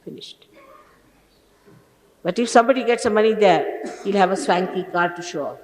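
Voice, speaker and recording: An older woman preaches to her followers in a large hall, with a long reverb trailing each phrase. She scolds and insists, firing rhetorical questions, with mid-range pitch. The sound is a roomy old archive recording. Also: normal speed, darkish tone. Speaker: spiritual teacher. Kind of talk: informal sermon to followers.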